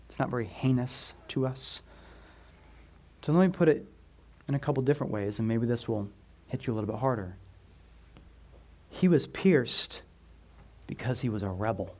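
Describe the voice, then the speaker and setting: A man preaching a sermon as pastor, emphatic, asking the congregation questions and swinging from loud stressed words down to a near whisper. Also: medium pitch, normal speed.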